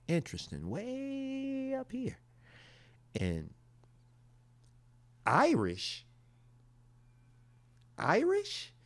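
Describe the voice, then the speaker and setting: A man's voice: low-pitched, darkish tone, no echo. A man from the United States talking casually as he reacts to his results, with slangy asides in a laid-back, conversational way. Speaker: vlogger.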